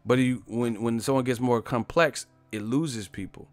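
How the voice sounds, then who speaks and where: A man's voice: medium pitch, moderate pace, few pauses, soft background music. A man hosting a live stream, ranting in a sarcastic, mocking tone. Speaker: boxing live-stream host.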